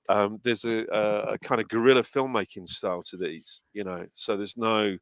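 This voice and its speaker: An English man with a lowish voice chats casually about films. He is enthusiastic and keeps stopping to restart his sentences. The sound is dry and close. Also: a bit bright, no echo. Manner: enthusiastic, halting with many restarts. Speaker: host. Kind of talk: casual film chat.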